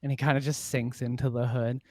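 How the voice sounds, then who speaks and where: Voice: medium pitch, little pitch movement, a little fast, warm tone, no echo, studio quality. A game master casually narrating a tabletop game, voicing characters and laughing along.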